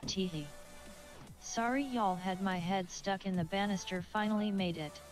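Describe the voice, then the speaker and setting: A text-to-speech woman's voice reading chat messages aloud in a flat, synthetic way. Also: mid-range voice, moderate pace, soft background music.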